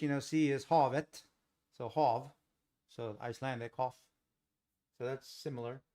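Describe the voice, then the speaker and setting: A middle-aged American man from Los Angeles runs a live trading stream in a casual, rambling way. He thinks out loud and answers viewers in the chat, recorded on a desk mic in a home office. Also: medium pitch, steady tone, moderate pace. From Los Angeles, USA. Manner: chatty, thinks aloud, talks to chat viewers.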